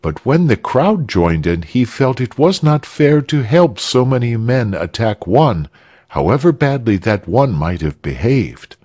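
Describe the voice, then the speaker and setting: A man reading a story aloud for English learners in a measured, expressive way. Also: medium pitch, slightly rough. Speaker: narrator.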